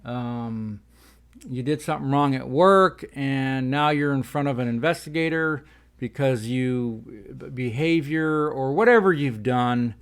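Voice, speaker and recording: A man's voice: medium pitch, measured pace, clean tone. A man hosting a casual talk show, rambling and folksy while talking around tobacco in his mouth. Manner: rambling, folksy, says "y'all". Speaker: host.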